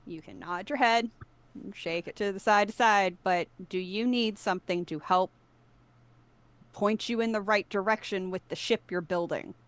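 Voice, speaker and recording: A woman's voice: medium pitch, normal speed, dry recording. A woman speaking as a player in a tabletop game, talking urgently and persuasively.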